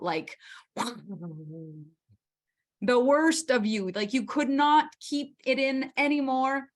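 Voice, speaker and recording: Woman host, mid pitch, passionate motivational teaching with rhetorical questions. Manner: impassioned, rhetorical questions, acts out inner voices. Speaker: masterclass host. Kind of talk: motivational workshop talk.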